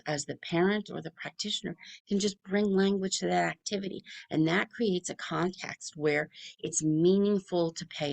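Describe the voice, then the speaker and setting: A middle-aged woman speaks in a gravelly, fairly low voice. She talks to parents in a chatty, rapid-fire way, as a speech pathologist giving practical advice. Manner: chatty, talks fast with few pauses. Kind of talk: informal presentation to families.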